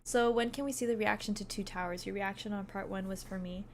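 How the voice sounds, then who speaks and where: A woman's voice: mid-range voice, fairly even intonation, fast, a little hiss or hum. A woman streamer chatting casually, reading out her viewers' messages and laughing often as she thanks them.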